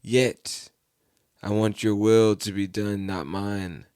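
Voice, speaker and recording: A solemn, grave teacher figure speaking to his followers, read out by a man in a lowish voice. The delivery is plain and measured, like a casual storybook reading, and the sound is close and dry. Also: fairly even intonation, darkish tone, clear, resonant tone, no echo.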